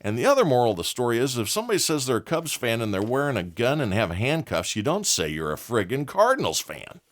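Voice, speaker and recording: A man's voice: medium pitch, very animated, fast talker. A man hosting a leadership podcast, telling a candid, folksy story and chuckling often. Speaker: podcast host.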